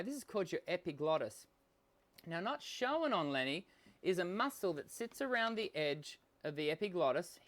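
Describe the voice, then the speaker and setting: A man's voice: sits high, a bit bright. An Australian man hosting a live singing lesson, talking casually with lots of ums and restarts while unwell and coughing now and then. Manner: chatty, explanatory, many fillers and restarts. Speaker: host and voice coach.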